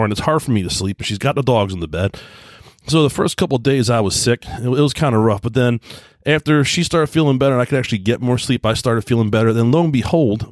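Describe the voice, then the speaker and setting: A man's voice: medium pitch, no echo, studio quality. A man telling a long story casually on his own show, rambling and earnest, often repeating himself. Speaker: podcast host.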